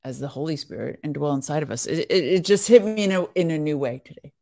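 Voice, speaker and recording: A woman's voice: low voice, lively intonation, quick pace, gravelly, dark tone, dry recording, studio quality. A woman in a casual conversation, giving short affirming replies and telling a reflective personal story.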